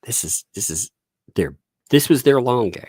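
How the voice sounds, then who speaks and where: A man hosting a casual livestream, chatty and quick to laugh as he retells everyday stories. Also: medium pitch, expressive, dark tone, breathy edge, no echo, studio quality. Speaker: livestream host.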